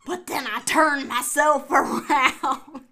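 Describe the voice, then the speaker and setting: Brief: woman doing a weak pirate growl, high and bright. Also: fairly even intonation, slow, exaggerated voice. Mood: playful. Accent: put-on pirate voice.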